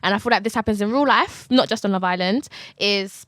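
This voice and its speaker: Confident woman, podcast guest, bright clear voice, dry close mic. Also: medium pitch, fairly quick, dry recording. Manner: confident, chatty. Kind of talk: casual chat.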